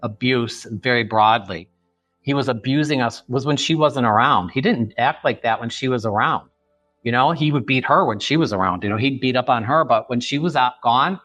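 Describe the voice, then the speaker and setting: A man in his fifties from the Chicago area, telling a family story as a guest on a podcast, earnest and halting. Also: medium pitch, a bit bright, no room sound. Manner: earnest, halting, many restarts. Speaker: author guest. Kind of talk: podcast interview.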